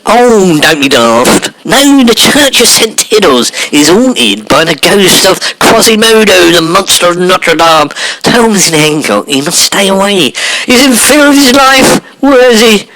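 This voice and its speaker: Camp, nasal, swooping bell-ringer. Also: male voice, high-pitched, big pitch swings, measured pace, sharp tone, heavily acted, low-quality recording. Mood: panicky. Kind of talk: comic radio-style pastiche.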